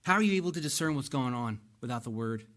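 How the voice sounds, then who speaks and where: A man's voice: medium pitch, expressive, quick pace, fairly bright tone. A man preaching a sermon as pastor, earnest and pleading, repeating lines for emphasis and getting emotional.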